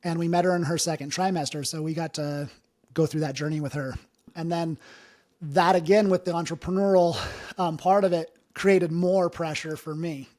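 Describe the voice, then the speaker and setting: A man's voice: fairly high pitch, steady tone, moderate pace, a little mellow. A man in his thirties telling his own life story in an interview, earnest and emotional, with many fillers. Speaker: interview guest, business owner. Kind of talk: candid personal storytelling.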